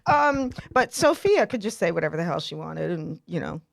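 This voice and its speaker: Animated storyteller woman, dry close mic. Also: lowish voice, normal speed, vocal fry, no room sound. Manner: animated, laughs a lot, acts out quotes. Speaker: podcast host. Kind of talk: casual storytelling chat.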